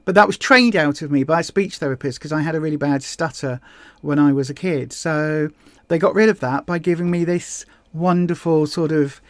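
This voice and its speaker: Hosting a relaxed livestream, this Hampshire woman speaks with a southern English accent at a normal speed and fairly low pitch, with no echo. She chats warmly and reads out viewer comments, rambling along with lots of ums and repeated words.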